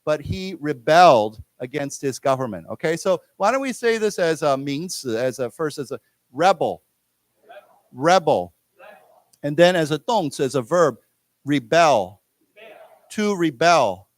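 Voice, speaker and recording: A man with an American accent teaching English to a class of Chinese speakers, explaining words slowly and having everyone repeat them. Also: on the high side, lively intonation. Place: lecture room in a library.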